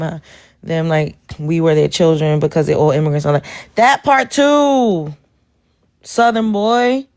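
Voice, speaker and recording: Brooklyn lady on a livestream, blunt and animated, chatting with viewers. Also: medium pitch. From Brooklyn, New York. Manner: animated, blunt, talks to chat. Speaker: livestream host. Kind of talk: casual livestream talk.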